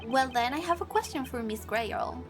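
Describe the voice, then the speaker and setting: A woman's voice: sits high, animated, normal speed. A woman reading the part of an earnest young male defense lawyer, pressing with questions. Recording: game music playing behind.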